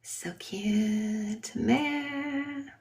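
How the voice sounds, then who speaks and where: A dating coach from Canada streams from her backyard garden, talking casually into her phone. Her voice sits a little high. She brushes off trolls in a blunt, mocking way. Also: extremely slow, a little mellow. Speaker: dating coach hosting a livestream. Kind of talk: casual live-stream chat. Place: outdoors in a backyard garden with a patio.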